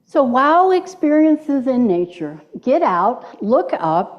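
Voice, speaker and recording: A woman's voice: a little high, a little mellow. A middle-aged woman minister giving a playful sermon in a church and leading the congregation in call-and-response. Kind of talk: sermon with audience participation. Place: church sanctuary. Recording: dull lo-fi church recording.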